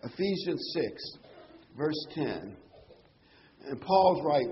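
A man's voice: medium pitch, expressive, moderate pace, a little hiss or hum. A man preaching a sermon to a congregation, emphatic and full of rhetorical questions. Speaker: pastor. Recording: roomy, dull hall sound.

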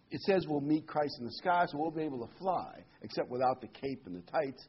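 A man preaching a conversational sermon, reading scripture slowly and with emphasis. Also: on the high side, animated, husky. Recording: dull lo-fi recording.

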